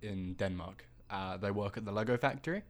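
A young man co-hosts a casual podcast in a lowish voice, speaking a little fast. He rambles and teases, full of fillers and restarts.

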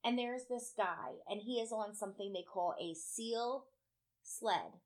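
A woman co-hosting a casual chat, telling an animated story with heavy swearing and acted-out quotes. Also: medium pitch, unhurried.

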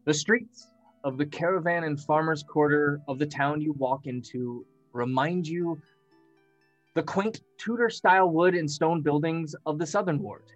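A man's voice: a little high, dry recording, highs cut off. A man narrating as game master, describing scenes with some hesitations.

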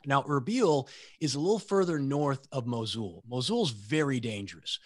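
A middle-aged man, a military veteran guest on a podcast, telling war stories casually, swearing freely and jumping high when he imitates comrades. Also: moderate pace, no room sound, clean studio sound. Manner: animated storyteller, swears freely, voices comrades in a high excited pitch. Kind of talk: casual storytelling.

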